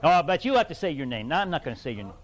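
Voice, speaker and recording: A middle-aged man from New England telling an anecdote to a fan audience, animated and laughing, with many restarts. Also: a little high, rapid-fire. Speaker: guest actor at fan event. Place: event hall with audience.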